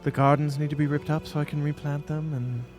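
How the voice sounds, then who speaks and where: A man's voice: on the high side, little pitch movement, a little fast, darkish tone, soft background music, pitched above the performer's own voice, natural voice. A man voicing a weary, apologetic gnome mother. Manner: hesitant, apologetic, polite. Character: weary, polite gnome mother of young kids.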